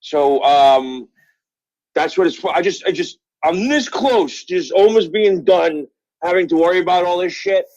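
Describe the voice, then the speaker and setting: A middle-aged man tells stories in a rambling, profane way, full of "uh" and "like," at a slightly raised pitch. He is heard over a phone line, dull and muffled at the top end. The sound is dry, with no room around it. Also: animated, unhurried, darkish tone, no room sound. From Brooklyn, New York. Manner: rambling, profane storytelling with many fillers. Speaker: guest, author. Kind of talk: casual interview chat. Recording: dull phone-call audio.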